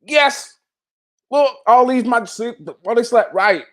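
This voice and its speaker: This man's voice is very high-pitched and moves at a moderate pace. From North Manchester, England, he has a Mancunian accent and hosts a live stream, bantering with viewers in chat and swearing freely.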